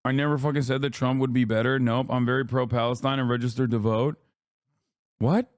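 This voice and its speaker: A man's voice: medium pitch, dry recording, clean studio sound. Heated, profane male political streamer. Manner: heated, profane, sarcastic rants; reads news aloud in a fast flat delivery. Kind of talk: live-stream reaction commentary.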